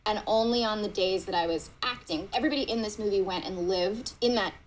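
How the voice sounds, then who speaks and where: A woman's voice: medium pitch, fairly quick, slight background noise, low-quality recording. A woman, an actress, candidly reacting to clips of her old work, self-mocking and laughing often.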